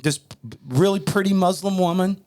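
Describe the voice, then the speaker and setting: Guy preaching hard on a podcast, kinda high voice, keeps hammering the same points. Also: normal speed, darkish tone. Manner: emphatic, repetitive, heated. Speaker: podcast host. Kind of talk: fiery preaching talk.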